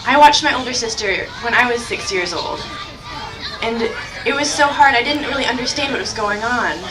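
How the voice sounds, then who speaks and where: Young woman, squeaky sick voice, higher pitch, heartfelt speech, crowd noise behind. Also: normal speed. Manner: enthusiastic, heartfelt. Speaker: charity speaker. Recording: echoey and distant in a noisy crowd.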